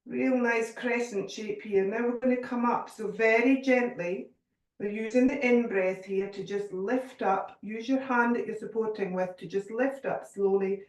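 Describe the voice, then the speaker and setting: A woman guiding a yoga class, giving calm, gentle cues with a little humour. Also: fairly high pitch, unhurried, distant mic. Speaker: yoga teacher. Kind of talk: guided yoga class instruction. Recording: echoey room, voice from off mic.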